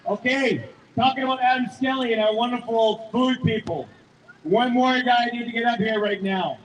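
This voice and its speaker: A man emceeing an outdoor rally, chatty and excited as he introduces the next speaker, heard through an echoey loudspeaker. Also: very high voice, normal speed, far from the mic, slight background noise. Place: outdoor city square rally.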